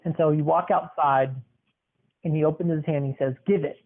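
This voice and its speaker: A man's voice: fairly high pitch, steady tone, moderate pace. A man hosting a podcast, narrating a role-play scenario and asking questions in a coaxing way. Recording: tinny phone-like sound.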